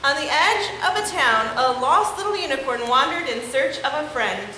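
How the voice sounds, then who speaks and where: A young woman chats encouragingly with children, then reads a picture book aloud in a church service. Her voice is high and very animated. It rings through a very echoey sanctuary with audible background noise. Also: moderate pace. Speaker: children's time leader. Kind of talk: children's message and storybook reading.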